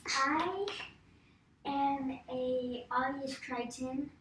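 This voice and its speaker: A woman player softly and unsurely describing her tabletop character. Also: sits high, very slow, slight background noise. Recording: distant from mic, roomy echo.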